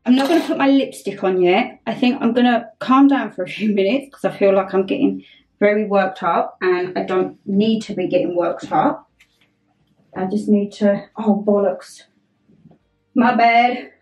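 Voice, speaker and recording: A woman's voice: medium pitch, a little mellow, muffled recording. A young woman chatting through a getting-ready vlog at home, flustered and self-mocking. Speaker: vlogger.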